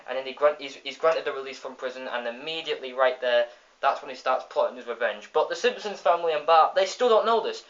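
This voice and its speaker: A man's voice: medium pitch, lively intonation, fast talker, fairly bright tone. Man rambling through a dull phone recording. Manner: rambling retelling with many restarts and fillers. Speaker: episode reviewer. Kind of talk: casual spoken episode review.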